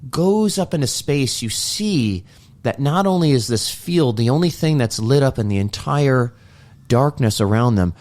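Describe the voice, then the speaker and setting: A man's voice: medium pitch, expressive, measured pace, a little mellow. A man with a mid-range voice co-hosts a podcast and earnestly retells a film scene. He talks in a reflective, heartfelt way. He acts out the lines he quotes. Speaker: podcast co-host.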